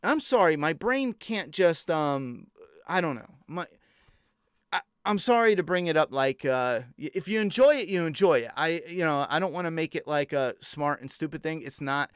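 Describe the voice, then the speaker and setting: Young man, TV episode review, incredulous profane rant, fairly high voice, dry recording. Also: expressive, moderate pace, clean tone, no echo. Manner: exasperated, incredulous, swears freely. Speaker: TV show reviewer.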